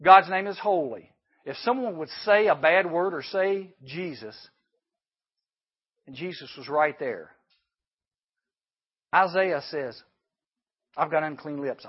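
A man preaching a sermon to junior high students, asking rhetorical questions and dropping into quiet asides. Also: measured pace, pauses often, breathy edge, muffled recording. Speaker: youth speaker.

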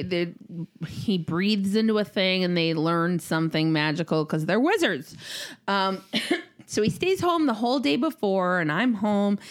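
A woman in her thirties tells stories in a casual, chatty way, swearing freely as she goes. Her pitch sits in the middle but swings a great deal from phrase to phrase. She sounds like a co-host riffing with a friend. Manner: animated storytelling, frequent swearing. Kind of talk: casual chat.

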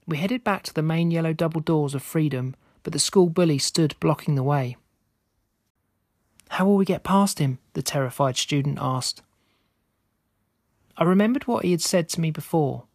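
A man reading a scripted spooky story aloud in a steady, measured way. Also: on the high side, no room sound, studio quality. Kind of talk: scripted narration.

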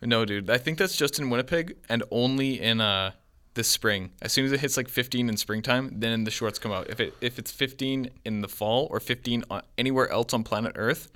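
A man's voice: mid-range voice, fairly quick. A man in his twenties telling a rambling travel story in casual podcast chat. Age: 20s. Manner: rambling, animated storyteller with quoted voices.

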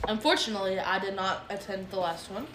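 A woman's voice: mid-range voice, fast talker, fairly bright tone, slight background noise. A woman co-hosting a casual podcast chat, playful and teasing, cheering along. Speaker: podcast co-host.

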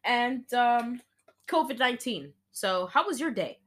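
A woman's voice: fairly high pitch, expressive, measured pace, a bit bright. A young woman chatting casually and animatedly, swearing freely while building a silly story with a friend.

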